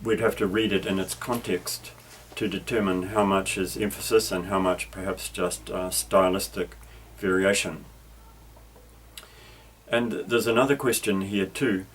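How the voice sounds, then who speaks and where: Lesson narration: lower-pitched male teacher, patient, methodical, unhurried explanations. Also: poor audio. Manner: patient, careful, with small restarts. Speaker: Greek teacher.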